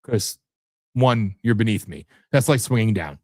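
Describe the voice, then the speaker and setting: A man's voice: fairly low pitch, expressive, measured pace, dry recording, clean studio sound. A man hosting a live political talk show, ranting in a rambling, profane and combative way that jumps from topic to topic. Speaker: host.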